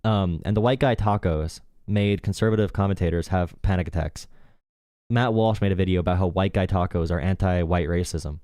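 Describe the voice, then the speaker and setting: A man hosting a casual live stream rambles in a mocking, filler-heavy way. His voice sits low, and the recording is dry and close. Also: fairly quick, mellow, no echo. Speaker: streamer host.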